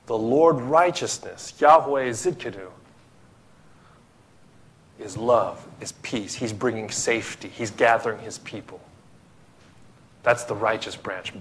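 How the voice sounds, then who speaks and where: A man preaching a sermon to a small group in a small room, swinging from emphatic, rising lists to low, soft asides. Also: measured pace, pauses often, husky. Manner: builds to excited, emphatic lists, then drops low and soft. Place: small room with few listeners.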